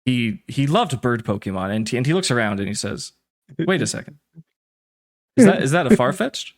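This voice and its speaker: A man voicing a stubborn older father who tells his story in halting, rambling bursts. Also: mid-range voice, very animated. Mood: hopeful. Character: stubborn older Draconid father, wistful and gruff.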